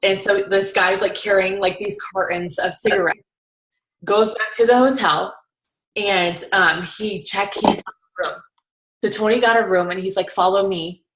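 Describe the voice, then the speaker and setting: A woman's voice: medium pitch, steady tone, measured pace, a bit bright. Chatty young woman, roomy echo. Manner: chatty, full of "like" fillers. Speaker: guest recapping a seminar. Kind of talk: casual storytelling.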